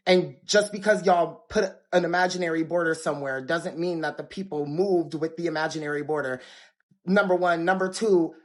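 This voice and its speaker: A man's voice: on the high side, steady tone, moderate pace. A young man giving a casual opinion rant to camera, full of "like" fillers. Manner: casual, filler-heavy, frequent "like".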